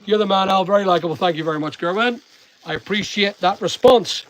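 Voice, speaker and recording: A man's voice: high-pitched, fairly quick, a bit bright, low-quality recording. A man from Northern Ireland with a mixed Northern Irish and English accent, chatting on a live stream as he reads out viewer comments and answers each one with jokes. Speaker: online seller and live streamer. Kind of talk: live stream reading chat aloud.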